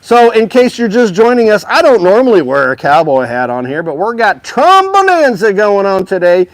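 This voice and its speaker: A man's voice: high voice, wildly swooping pitch, moderate pace. A man hosting a live music store stream, chatting upbeat and straight to his viewers about instruments. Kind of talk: casual live-stream sales chat.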